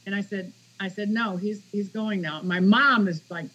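A woman's voice: mid-range voice, normal speed, bright, forceful tone, slightly rough, dull audio. A woman author, a podcast guest, telling a personal story in a casual interview and acting out the quoted dialogue.

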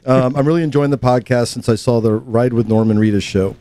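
A man's voice: medium pitch, a little fast, dark tone. A man co-hosting a casual motorcycle podcast, reading a listener email with jokes and banter. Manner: jokey, chimes in with banter while reading. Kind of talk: casual chat. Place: home garage with a fan running.

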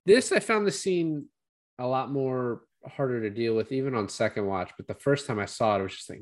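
A man's voice: mid-range voice, expressive, brisk. A man co-hosting a podcast, casually retelling a film's plot, full of "like" and quoted asides. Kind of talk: casual film discussion.

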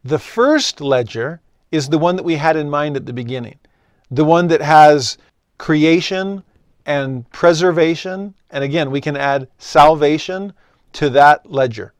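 A man's voice: a little high, a little slow, no echo, studio quality. Earnest man teaching scripture. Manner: earnest, explanatory, acts out dialogue with God. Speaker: religious teacher. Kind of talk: scripture lesson.

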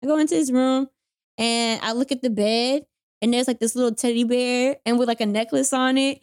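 A young woman in her twenties from North Carolina telling a personal story in casual chat, animated and full of "like". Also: a little high, a little fast, smooth, no room sound, clean studio sound. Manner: animated, lots of "like", acts out quoted voices.

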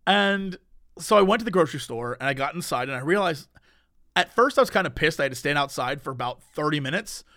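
High-voiced animated young man storyteller. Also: fast, no room sound, clean studio sound. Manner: animated, acts out quotes in voices. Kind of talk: casual storytelling chat.

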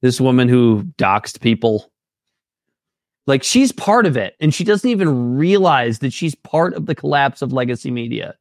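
A man's voice: medium pitch, very animated, moderate pace, no room sound, clean studio sound. A man co-hosting a casual political podcast, talking in a blunt, heated, profane way. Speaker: podcast co-host.

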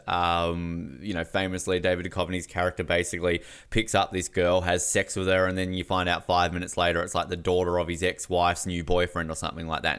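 A man's voice: sits low, a bit bright, clean tone. Chatty, laughing podcast man. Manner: chatty, rambling, laughs often. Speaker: podcast co-host. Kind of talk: casual chat.

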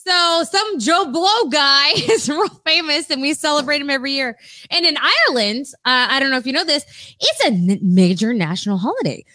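A woman's voice: high-pitched, animated, moderate pace, pushed and bright, no echo. A woman co-hosting a podcast, chatting casually in a playful, teasing way and laughing often. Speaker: podcast co-host. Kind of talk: casual chat.

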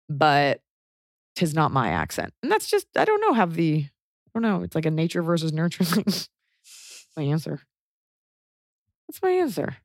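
A woman's voice: fairly low pitch, no room sound, studio quality. A woman with a Texan accent, co-hosting a podcast in a rambling, chatty way with lots of fillers. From Texas. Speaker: podcast co-host. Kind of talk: casual podcast chat.

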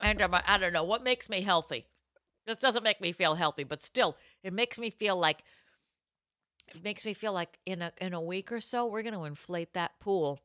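A woman's voice: medium pitch, moderate pace, bright, forceful tone, dry recording, clean studio sound. A woman hosting a casual podcast chat, tasting a cocktail and cracking playful, salty jokes over a video call. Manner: playful, wisecracking, swears casually. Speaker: podcast host.

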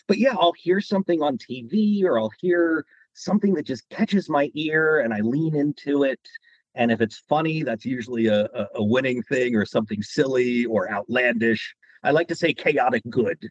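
Guest voice actor, male, husky, animated storyteller; dry, lo-fi sound. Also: medium pitch, normal speed, no room sound. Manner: animated, drops into quoted voices. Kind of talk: interview storytelling.

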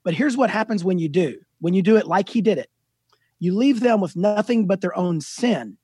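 High husky guy in his 50s, chatty self-deprecating stories, dry close mic. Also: moderate pace, no echo. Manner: animated, self-deprecating storyteller. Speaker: guest author. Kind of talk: casual storytelling interview.

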